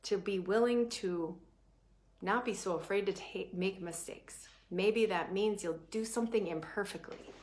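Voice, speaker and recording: A woman prosperity coach giving a motivational class talk, animated and emphatic, with sudden swings between quick bursts and slow drawn-out phrases, often checking in with "right?". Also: medium pitch.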